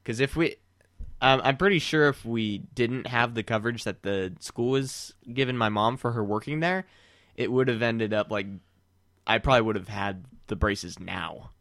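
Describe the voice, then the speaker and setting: A man's voice: medium pitch, normal speed, fairly bright tone, no room sound, clean studio sound. A young man in casual chat with a friend, teasing and rambling with many restarts. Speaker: friend chatting.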